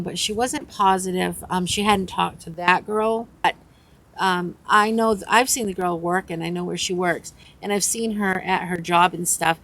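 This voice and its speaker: A woman's voice: medium pitch, fairly bright tone, low-quality recording. Chatty older woman rambling. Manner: chatty, rambling, acts out quotes. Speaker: vlogger. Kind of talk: casual storytelling chat. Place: outdoors on a windy day. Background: faint wind noise.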